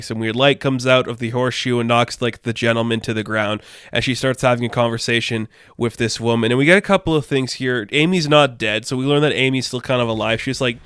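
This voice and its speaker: A man's voice: mid-range voice, fairly bright tone, smooth, dry recording. A man giving a casual, enthusiastic spoken review of a comic book, rambling with lots of filler words.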